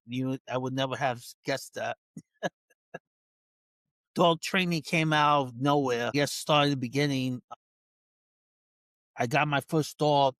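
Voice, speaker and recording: A man with a New York accent chats as a guest, mid-range in pitch. He rambles and restarts and laughs easily. The sound is dry and close. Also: a bit bright, no echo. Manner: laughing, rambling, self-interrupting. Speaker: dog trainer, guest. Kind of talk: casual interview chat.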